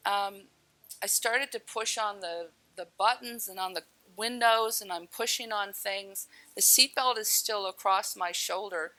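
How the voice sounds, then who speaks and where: Speaking in a medium-pitched voice that sounds pushed and bright, this storyteller frankly describes nearly dying. She curses occasionally and laughs at herself, captured in a low-quality recording.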